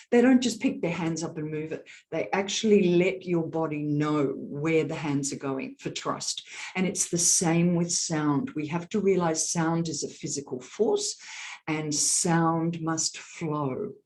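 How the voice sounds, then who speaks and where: A woman executive coach answering interview questions on a video call, talking in an animated, demonstrative way about voice and leadership. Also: lowish voice. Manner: animated, demonstrative, explains with vocal examples. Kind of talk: virtual summit interview.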